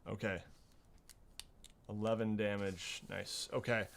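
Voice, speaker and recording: A man running a tabletop game as game master, unhurried and hesitant with many fillers. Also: on the low side, flat delivery, gravelly, a bit bright.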